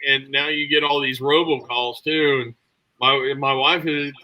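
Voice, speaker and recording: A man's voice: mid-range voice, steady tone, a little slow, dull audio. A man co-hosting a podcast, telling stories in casual chat and swearing freely. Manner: profane, storytelling. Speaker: podcast co-host.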